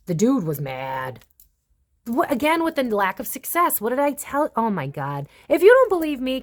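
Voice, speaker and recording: Animated woman doing tarot. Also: mid-range voice. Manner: animated, rambling, emphatic, thinking aloud with frequent "like" and "y'all". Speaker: psychic tarot reader. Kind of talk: casual tarot reading to camera.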